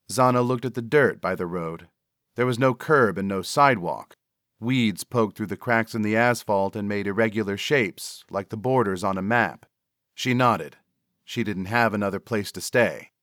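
A man narrating his own story in a steady, measured reading. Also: fairly low pitch, dry recording, clean studio sound. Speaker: author and narrator. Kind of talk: scripted narration.

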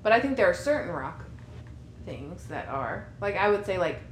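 A woman co-hosting a podcast, an animated storyteller who laughs often in casual chat. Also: moderate pace. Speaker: podcast co-host. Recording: roomy sound with faint rumble.

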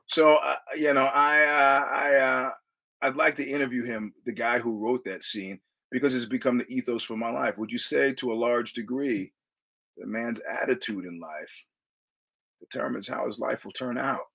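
A man's voice: mid-range voice, moderate pace, creaky, pushed and bright. A man hosting his own podcast, talking in a rambling, digressive way, quoting film lines and laughing often. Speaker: podcast host. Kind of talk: rambling casual monologue.

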